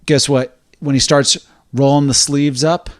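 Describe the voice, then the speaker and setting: Man in relaxed dry podcast chat. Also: mid-range voice, a little slow, no room sound. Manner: thoughtful, acts out lines in character. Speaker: podcast co-host. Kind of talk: casual chat.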